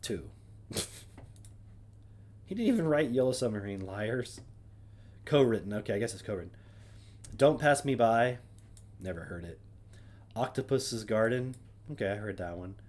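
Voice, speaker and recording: A man's voice: on the low side, animated, moderate pace, long pauses, darkish tone. Wry man muttering offhand asides. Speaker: streamer host. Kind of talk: casual solo chat, reading names aloud.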